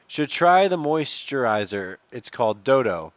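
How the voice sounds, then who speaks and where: A man's voice: mid-range voice, lively intonation, moderate pace, dry recording, dull audio. Profane, mocking man reading posts aloud. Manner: profane, mocking asides between read-out messages. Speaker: commentator reading online posts. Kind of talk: casual reading and commentary.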